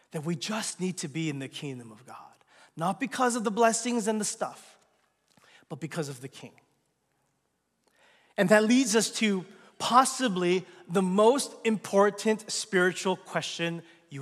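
Pastor, male, high voice, preaching with strong swings from emphatic to hushed, long hall reverb. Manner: swings from loud emphatic lines to hushed, near-whispered asides. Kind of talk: sermon.

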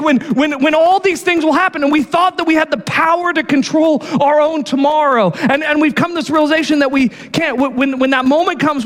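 A man's voice: extremely high pitch, fairly bright tone, big-room sound. A male pastor giving a sermon in a casual, conversational way, often checking in with "right?" and stumbling over repeated words.

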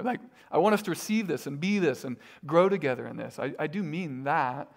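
A middle-aged male pastor delivers a sermon in a relaxed, conversational way. He fills his talk with casual fillers and self-deprecating asides, and his voice sits slightly higher than most men's. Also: quick pace, hardly any pauses.

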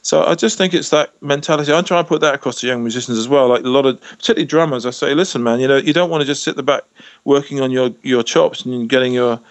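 A man's voice: medium pitch, no room sound. A man who is a musician guest, telling stories in a casual interview over a video call, with lots of restarts. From England. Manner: chatty, lots of restarts and "you know".

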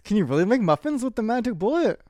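A man in casual, teasing conversation, making playful comments and quick puns. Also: high voice, sing-song, darkish tone, dry recording, studio quality. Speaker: podcast co-host. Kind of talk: casual chat.

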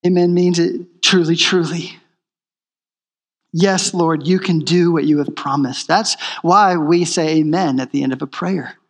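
A man's voice: on the high side, moderate pace, hardly any pauses, big-room sound. A man preaching a sermon in a church, emphatic and repeating his key phrases. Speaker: pastor.

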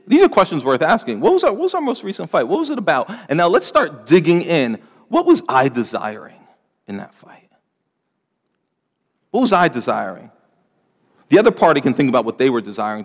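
Man preaching in a reverberant hall. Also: on the high side. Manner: earnest, pleading, rising emphasis on lists. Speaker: pastor. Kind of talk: sermon.

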